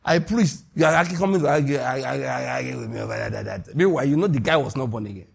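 A man with a Nigerian accent preaching a sermon as a pastor, animated and emphatic, with sudden high rises on key points. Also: rapid-fire, creaky, slightly rough.

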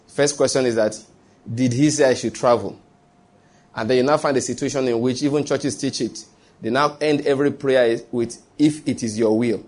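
A man's voice: mid-range voice, fairly even intonation, normal speed, a little mellow. A male preacher delivers a sermon in a mid-range voice. He keeps asking if his listeners follow and restarts phrases as he thinks aloud. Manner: repeatedly checks the listeners follow, with many restarts.

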